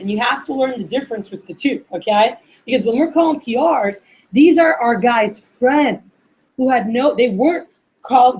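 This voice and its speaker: A woman's voice: sits high, darkish tone, rough recording. A woman running a workplace training session for receptionists, chatting casually and acting out sample phone calls. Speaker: office manager training receptionists.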